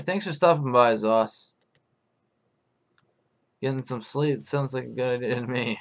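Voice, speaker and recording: A man hosting a live stream in casual chat, hoarse and rambling, swearing freely as he answers his viewers. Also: mid-range voice, a little slow, long pauses, faint music behind.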